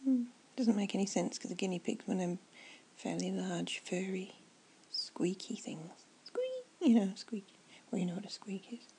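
A woman doing a whispered ASMR chat, soft and rambling as she muses aloud. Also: mid-range voice, moderate pace, breathy edge, low-quality recording.

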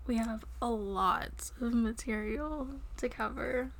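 A young woman in an intimate audio role-play, breathless and giggly, often dropping to a soft whisper. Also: a little high, slow pace.

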